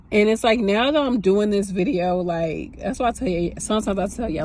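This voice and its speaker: A woman's voice: medium pitch, fairly quick, few pauses, a little mellow, a little hiss or hum. A woman in her thirties, a nurse, talking candidly and emotionally to her phone camera in a rambling, casual way. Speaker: nurse vlogger.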